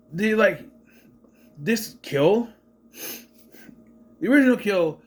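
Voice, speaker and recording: A man delivers an exasperated, casual movie review, swearing freely as he goes. His voice sits high and stays animated, rising and falling a lot. He sounds fed up.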